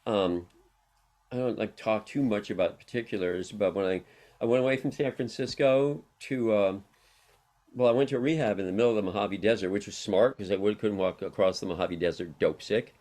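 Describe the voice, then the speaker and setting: A man's voice: on the low side, brisk, a little mellow. A middle-aged man, a guest on an interview show, telling long rambling personal stories with frequent laughs. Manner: rambling, anecdotal, laughs often. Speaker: interview guest, harm reduction worker. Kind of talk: casual storytelling interview.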